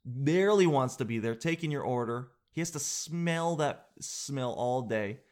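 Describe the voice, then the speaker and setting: A man's voice: medium pitch, lively intonation, unhurried, a little mellow. A man rambles through a casual monologue as the host of a daily show. He jokes and mocks himself as he goes. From Canada. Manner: jokey, rambling, self-mocking.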